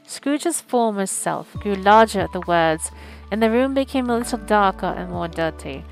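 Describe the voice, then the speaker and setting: A woman narrating a classic story aloud, measured and expressive, at a mid pitch. Soft music plays faintly underneath her reading. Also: vocal fry, rough recording. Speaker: audiobook streamer. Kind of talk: scripted narration.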